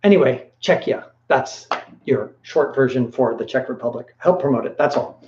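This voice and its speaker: A man's voice: medium pitch, normal speed, a little hiss or hum. Rambling man hosting a casual live stream. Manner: rambling, animated, with filler words. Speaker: host. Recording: echoey room, dull lo-fi sound.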